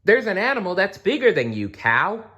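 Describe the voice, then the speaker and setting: A cheeky young koala boy from a children's story, voiced by a man. He is boastful and mischievous and speaks in a raised, excited voice well above normal speaking pitch. His lines bounce with a lively, up-and-down tone. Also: normal speed, heavily acted. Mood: eager. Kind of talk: storybook reading.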